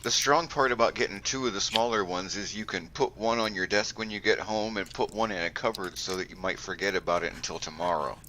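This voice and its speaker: A man's voice: on the low side, steady tone, a little fast, few pauses, pushed and bright, slight background noise, poor audio. A man in a casual stream chat, making laid-back, dry remarks.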